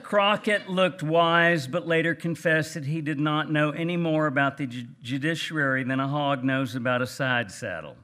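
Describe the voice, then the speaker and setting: A man voicing a cranky, plainspoken older Texas gentleman writer with a Texan accent, reading aloud with a dry, folksy manner. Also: on the high side, moderate pace, hardly any pauses. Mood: wry. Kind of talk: reading aloud at a book event.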